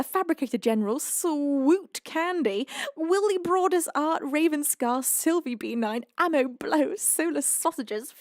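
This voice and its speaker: A woman's voice: sits high, a little mellow, no room sound, clean studio sound. A British woman hosting a live music stream, emotional and overwhelmed, crying while laughing as she reads out gifts. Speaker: livestream singer host. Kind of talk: casual live-stream chat reading donations.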